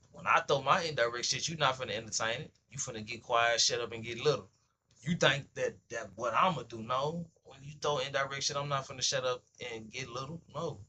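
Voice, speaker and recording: A man's voice: medium pitch, bright, forceful tone, a little hiss or hum. A man hosting a livestream, talking bluntly in casual street slang and profanity, acting out both sides of everyday conversations. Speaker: livestream host. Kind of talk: casual monologue on stream.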